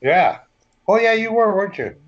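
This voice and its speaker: Relaxed chatty man, muffled audio. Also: sits high, moderate pace, a crowd in the background. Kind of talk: casual chat on a live call-in show.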